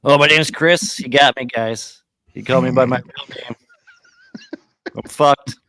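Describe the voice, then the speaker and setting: A man's voice: medium pitch, fairly even intonation, unhurried, sharp tone. A man on a casual podcast chat, self-mocking and playfully sarcastic. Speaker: podcast guest.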